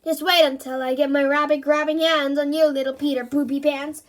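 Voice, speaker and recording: Woman playing a red-faced angry farmer, booming threats, storybook read-aloud. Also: little pitch movement, fairly quick, a little hiss or hum, lightly acted.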